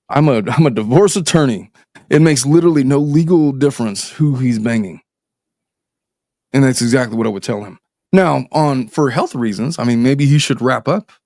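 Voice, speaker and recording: A man's voice: medium pitch, gravelly, a little mellow, no echo, studio quality. A middle-aged man hosting a podcast as a divorce attorney, reading a listener's letter aloud and commenting with sardonic, profane asides. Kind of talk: casual podcast chat.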